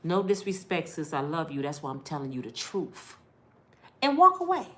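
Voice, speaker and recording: A middle-aged woman vlogger giving heartfelt life advice in an animated, preachy big-sister way. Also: deep voice, brisk.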